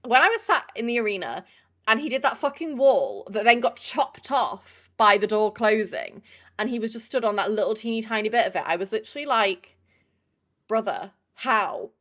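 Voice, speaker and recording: A woman's voice: fairly high pitch, animated, a little fast, fairly bright tone. A young woman chatting casually on a live stream, swearing freely and greeting chatters by name.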